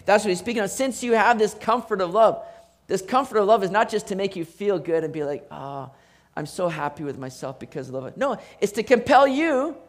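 A man preaching a sermon as pastor, animated, with emphatic rising bursts and repeated words. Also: high-pitched.

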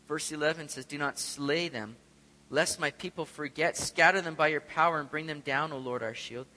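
At a moderate pace, a man preaches as pastor in a slightly high, bright voice with a forceful tone. His delivery is conversational, peppered with rhetorical questions for the congregation, captured with a long hall reverb.

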